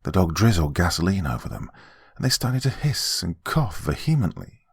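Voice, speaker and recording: A man narrating a horror story in a deep voice that rises and falls with lively inflection. The read is dramatic and scripted, close and dry with no room sound. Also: moderate pace, creaky, husky, no echo.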